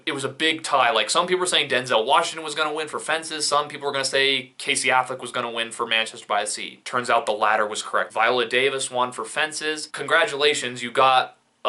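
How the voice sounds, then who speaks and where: Bright-voiced opinionated young man reviewing films. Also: medium pitch. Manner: opinionated, sarcastic asides. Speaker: film reviewer. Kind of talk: casual video commentary.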